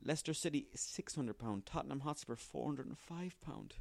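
A man's voice: on the high side, animated, moderate pace, gravelly, dry recording. A man hosting a solo comedy podcast, sweary, rambling and self-mocking. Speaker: podcast host.

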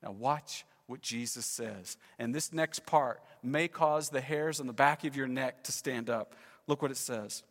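A man pastor preaching a sermon with dramatic storytelling, swinging between loud passages and hushed ones. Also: mid-range voice, a little slow, in a large hall.

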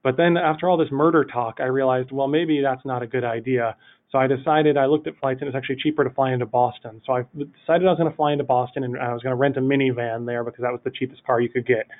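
A man, a guest on a podcast, telling a funny anecdote in an animated, rambling way full of "like". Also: medium pitch, quick pace. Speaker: podcast guest, city project manager. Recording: tinny phone-line audio.

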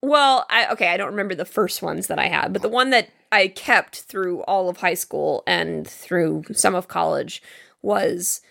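A woman in her thirties co-hosting a movie podcast, chatty and quick in casual conversation. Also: on the low side, vocal fry, fairly bright tone. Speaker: podcast co-host. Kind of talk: casual chat.

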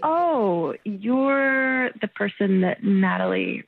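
Polite but baffled woman, bit of fry in her voice, muffled phone call. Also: mid-range voice, expressive, slow. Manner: flustered, polite, incredulous. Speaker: prank call target. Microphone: phone line. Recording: dull phone line.

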